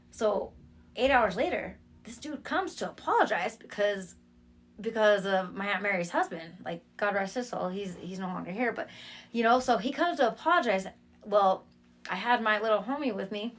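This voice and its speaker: Slight background noise accompanies a woman's mid-range voice, a little fast, as she tells her life testimony as a guest. She's animated and streetwise with her slang, casually storytelling and acting out quoted voices.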